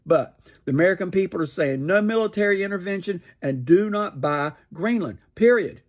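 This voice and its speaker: A man's voice: high-pitched, expressive, brisk. A man commenting on political news in a sarcastic, mocking tone, firing rhetorical questions. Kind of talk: opinionated news reaction.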